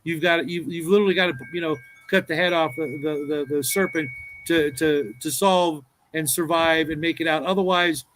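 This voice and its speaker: A man with a fairly high voice chats casually about tabletop role-playing, rambling and circling back as he talks. A faint hiss sits under the recording. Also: fairly even intonation, moderate pace, fairly bright tone, poor audio. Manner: rambling, restarts often. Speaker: podcast panelist.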